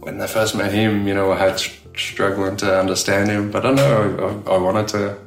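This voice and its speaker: A man's voice: fairly low pitch, fairly even intonation, moderate pace, vocal fry, roomy sound, faint music behind. An Australian man chatting casually as an interview guest, rambling with lots of fillers and laughs. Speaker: tattoo studio owner, guest.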